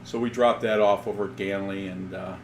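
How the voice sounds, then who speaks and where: Over crowd noise, a podcast co-host with a lowish voice speaks briskly in a casual chat. He's an animated storyteller, laughing often and acting out dialogue as he tells a funny story.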